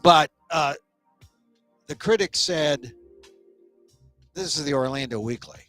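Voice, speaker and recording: Casual talk show host, a guy with a slightly high voice ranting sarcastically, lots of quick restarts. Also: a bit bright, soft background music. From United States. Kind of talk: comedic monologue rant.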